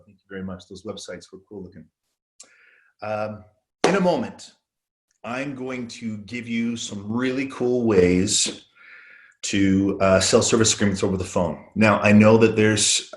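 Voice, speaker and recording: Earnest man giving a sales talk. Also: on the low side. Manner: earnest, storytelling, frequent fillers. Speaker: webinar presenter on phone sales. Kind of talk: motivational business presentation.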